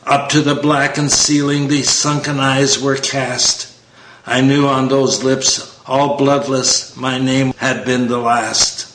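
A man's voice: mid-range voice, flat delivery, takes it slowly, a bit bright, slight background noise. A man giving a dramatic poetry recitation in a grieving, declamatory manner. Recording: roomy echo.

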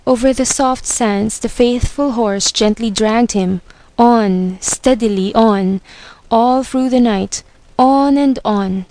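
A woman narrating a storybook with a measured, expressive reading. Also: fairly high pitch. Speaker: reader.

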